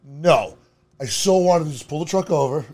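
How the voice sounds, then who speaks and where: A man telling a story on a podcast in an animated, laughing, crude way. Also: a little high, moderate pace. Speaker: podcast co-host. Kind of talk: casual storytelling.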